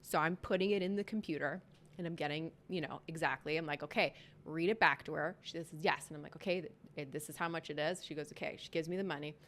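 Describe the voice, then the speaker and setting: Animated Canadian woman telling stories. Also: low voice, fast, a little hiss or hum. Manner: animated storyteller acting out quotes. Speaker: podcast guest. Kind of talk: casual chat.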